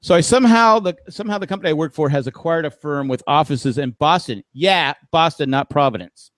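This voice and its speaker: A man's voice: a little high, animated, brisk, a bit bright, no room sound. A middle-aged man hosting a casual podcast, telling stories with laughs and acting out what other people said. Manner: storytelling with laughs, acts out quoted voices. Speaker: podcast host.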